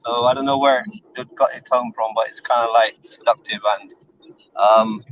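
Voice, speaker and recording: A man's voice: mid-range voice, steady tone, moderate pace, a bit bright, highs cut off, a little hiss or hum. A man in a casual panel chat, searching for his words with loose phrasing and fillers.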